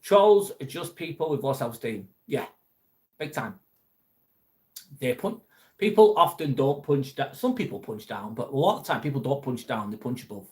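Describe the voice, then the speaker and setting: A man's voice: mid-range voice, big pitch swings, normal speed. A man hosting a casual livestream, chatting bluntly with viewers and swearing freely. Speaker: livestream host reading viewer chat. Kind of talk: casual live chat.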